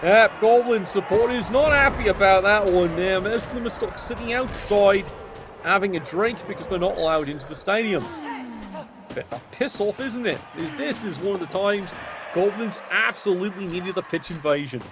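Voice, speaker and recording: A man's voice: high-pitched, expressive, moderate pace, noisy background. A man giving wry, sarcastic play-by-play commentary on a video game match.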